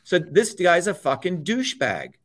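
A man's voice: high-pitched, huge pitch swings, normal speed, a bit bright. A middle-aged man, a guest, ranting about politics with constant swearing and hammering repetition. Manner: profane, emphatic, repetitive. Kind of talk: heated political rant.

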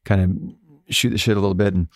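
A low-voiced man from Alaska tells his story as a guest in a relaxed interview. He is animated and leaps into high voices whenever he quotes someone. The sound is dry and close, with no room around it. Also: fairly quick, no echo. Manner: animated storyteller, jumps high when quoting others. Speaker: guest musician.

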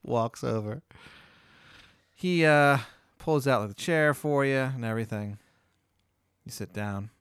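A man's voice: medium pitch, measured pace, pauses often, fairly bright tone, clean tone, no echo, studio quality. A man hosting a comedy podcast, spinning a long hypothetical story in a rambling way, full of "like" and "uh". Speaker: podcast host.

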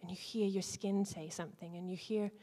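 A woman leading an interactive teaching talk to a church group, playful, swinging between loud and hushed and acting out lines. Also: mid-range voice, steady tone, moderate pace. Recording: long hall reverb.

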